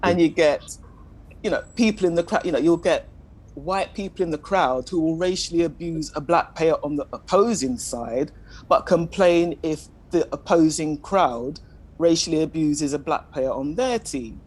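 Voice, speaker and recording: A woman speaking as a panelist in a discussion, measured and questioning, often admitting she is ready to be corrected. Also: sits low, darkish tone, poor audio. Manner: measured, questioning, self-deprecating.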